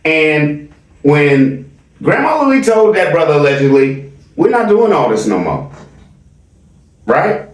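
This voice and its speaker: A high, lively male voice, playful and slangy as he riffs on comments. He sounds a bit off the mic in a roomy, echoey space. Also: slow, long pauses, distant mic. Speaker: channel host. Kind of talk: casual commentary chat.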